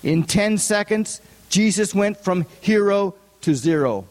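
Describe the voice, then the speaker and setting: A man's voice: high voice, animated, unhurried, a little mellow. A man giving a conversational sermon, often asking his listeners rhetorical questions. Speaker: preacher. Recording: long hall reverb.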